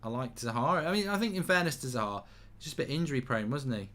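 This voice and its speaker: A man's voice: mid-range voice, very animated, quick pace, a bit bright. A man giving casual, jokey live football commentary and reading out viewer comments.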